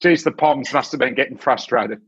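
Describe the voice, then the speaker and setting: A man's voice: medium pitch, moderate pace, fairly bright tone, breathy edge, muffled recording. A podcast host, a man, asking jokey, teasing questions in a casual interview chat.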